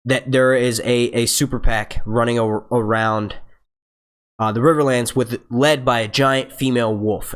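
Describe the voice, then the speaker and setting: A man's voice: medium pitch, fairly bright tone, clear, resonant tone. Hyped, profane young man streaming live. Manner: profane, hyped, urges viewers to like; halting, stutters and restarts. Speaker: livestream host. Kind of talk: casual live-stream chat.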